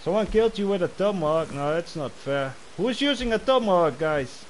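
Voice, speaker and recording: A man's voice: sits high, lively intonation, brisk, a little hiss or hum. A man livestreaming a game, chatting casually and greeting players as bro. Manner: friendly, greets players, calls them bro. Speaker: game streamer.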